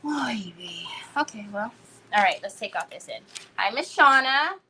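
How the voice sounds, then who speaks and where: A sing-song, somewhat high woman's voice at normal speed, with some background noise. She hosts a casual crafting livestream, playfully reading out comments from viewers and using cutesy baby talk.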